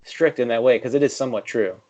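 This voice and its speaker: A man's voice: mid-range voice, fast talker, mellow. A man co-hosting a podcast, joking around with lots of fillers and swearing. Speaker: podcast co-host. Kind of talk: casual chat.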